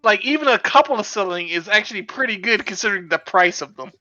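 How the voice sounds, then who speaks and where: A man's voice: sits high, expressive, fast, bright, forceful tone, no echo, dull audio. A man playing a tabletop game, chatting casually and rambling with many restarts. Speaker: player.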